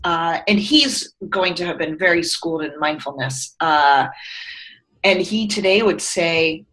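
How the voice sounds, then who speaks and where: Earnest, expressive woman with a lowish voice. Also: a little slow, low-quality recording. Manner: earnest, expressive storyteller, tearing up. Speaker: guest, company founder. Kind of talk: conversational interview.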